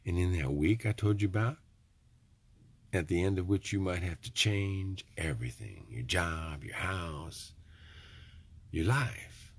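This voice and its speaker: Husky low-voiced man rambling. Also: unhurried. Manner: folksy, preachy, joking asides. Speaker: vlogger. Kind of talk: rambling casual monologue.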